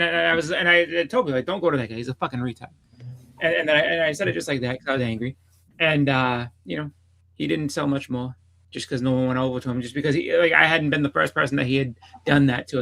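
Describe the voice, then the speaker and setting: A man's voice: fairly high pitch, vocal fry, bright, forceful tone, low-quality recording. A man on a casual podcast telling a long rambling story, repeating "I was like" and swearing freely. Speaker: podcast co-host.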